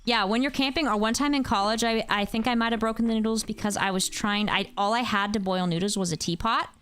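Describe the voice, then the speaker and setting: A woman's voice: a little high, fairly even intonation, fast, a bit bright, clear, resonant tone. Chatty young woman streaming a game. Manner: rambling, chatty, reacts to chat. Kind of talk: casual gameplay stream chat.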